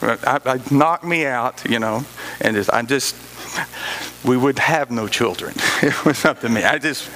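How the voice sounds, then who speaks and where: A man's voice: medium pitch, a little slow, bright, forceful tone, slight background noise, low-quality recording. A male pastor preaching a sermon in a folksy way, with joking asides and key phrases repeated for emphasis.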